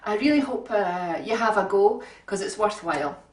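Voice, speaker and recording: A woman's voice: mid-range voice, lively intonation, normal speed. Chatty woman cooking at home. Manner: chatty, homely, many ums. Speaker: home cook. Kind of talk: casual cooking demonstration. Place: home kitchen. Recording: roomy kitchen sound from a distant mic.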